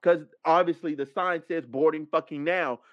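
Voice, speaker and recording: A man hosting a podcast, telling a story as a casual rant, animated and profane, acting out the other people's lines. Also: fairly high pitch, normal speed, no room sound. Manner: animated, profane, acts out quoted dialogue. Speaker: podcast host. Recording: dull, dry lo-fi mic sound.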